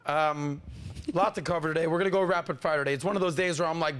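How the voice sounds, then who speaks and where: A male podcast host with a fairly high voice and a hype-man energy. He talks in a loose, playful way, teasing the people around him as he runs the show. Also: steady tone, fast talker, very noisy. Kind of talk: hyped-up casual podcast hosting.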